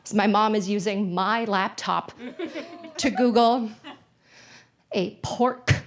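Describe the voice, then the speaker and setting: A young woman in her twenties doing a stand-up comedy set on a theater stage, telling stories in a deadpan, self-deprecating way. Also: medium pitch, takes it slowly.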